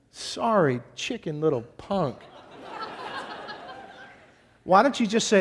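A man's voice: sits high, normal speed. A man preaching a sermon as a pastor, in a blunt, exhorting and teasing way.

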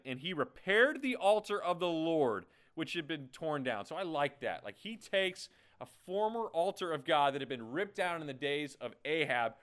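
A man's voice: a little high, sharp tone. A man preaching a sermon in a playful, conversational way, often checking in with "okay?". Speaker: pastor.

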